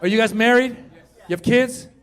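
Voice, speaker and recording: A man from Iran doing a stand-up comedy set, animated and shouting punchlines to the crowd on a club stage. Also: very high-pitched, moderate pace.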